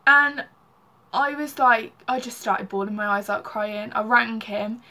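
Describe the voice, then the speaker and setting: A woman's voice: fairly high pitch, steady tone, unhurried, bright, forceful tone. A young woman telling a personal story in a casual vlog, with lots of "like". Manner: chatty, heavy use of "like". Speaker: vlogger.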